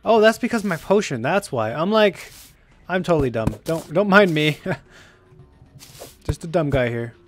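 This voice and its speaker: A young man doing let's play commentary, excitable and given to shouting at enemies in frustration. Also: on the high side, measured pace, long pauses, soft background music. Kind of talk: gameplay commentary.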